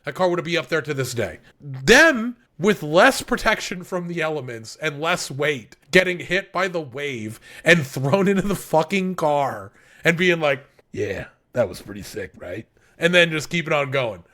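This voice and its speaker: A man's voice: on the high side, expressive, normal speed, bright, forceful tone. A man co-hosting a podcast, ranting with lots of swearing in an exasperated, casual way. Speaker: podcast co-host.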